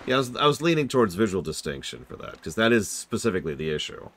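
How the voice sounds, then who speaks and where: Deep-voiced man streaming a game review. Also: sing-song, fast, fairly bright tone, a little hiss or hum. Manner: rambling, joking, self-deprecating asides; talks to chat while playing. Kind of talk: live-stream commentary.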